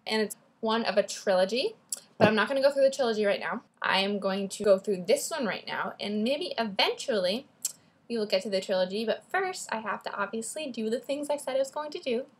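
A woman's voice: a little high, expressive, a little fast, breathy edge. A teenage girl talking about books in a bubbly, chatty vlog, often drifting off topic, recording at school. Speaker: book vlogger. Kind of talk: casual book talk vlog.

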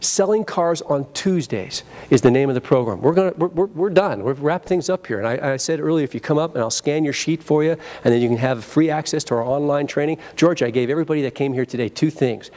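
Lively man leading a sales seminar. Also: medium pitch. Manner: energetic, acts out phone greetings, leads audience call-and-response. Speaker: sales trainer presenting a seminar. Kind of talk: live training seminar. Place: convention seminar room.

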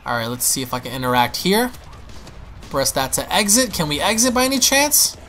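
A young man giving excitable, panicky gameplay commentary, stammering and restarting as he plays. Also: a little high, a little fast, slight background noise. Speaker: gaming YouTuber.

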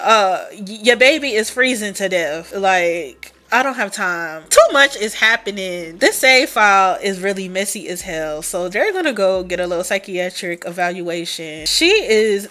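A woman chats her way through a life-sim game, sassy and full of slang. Her voice is bright and sharp, and her pitch bounces around a lot as she reacts. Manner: sassy, slangy running chatter. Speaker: Sims let's player. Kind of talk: casual game commentary.

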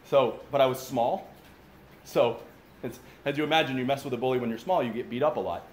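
In an echoey room at a father-son camp gathering, a pastor with a mid-range voice talks a little fast through an informal sermon, chatting straight to his listeners with side remarks. Faint ambience and slight background noise come through.

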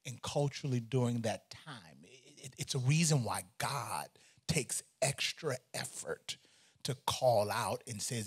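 Man preaching, pastor, animated, conversational, jokes, repeats phrases. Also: mid-range voice, a little slow, breathy edge. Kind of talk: sermon.

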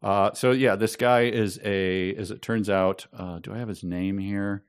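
A man's voice: fairly low pitch, fairly even intonation, unhurried, clear, resonant tone, no room sound, clean studio sound. A man co-hosting a podcast, chatting casually about a book and reading passages aloud in mocking voices. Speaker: podcast co-host. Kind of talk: casual book-discussion chat.

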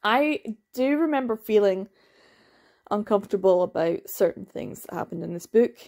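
A woman's voice: medium pitch, animated, normal speed, darkish tone. A woman giving casual, opinionated book reviews in a chatty, candid way, laughing now and then. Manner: acts out quoted voices, laughs.

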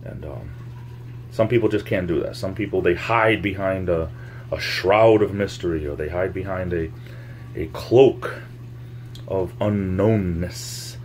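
A man with a very low voice talks loosely to his viewers, wandering from thought to thought and circling back on the same phrases. He makes up words now and then. A faint hum sits under the recording. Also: a little slow, darkish tone. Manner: meandering, repeats phrases, coins words. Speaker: YouTube vlogger. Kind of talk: casual rambling monologue to camera. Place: home, near the laundry.

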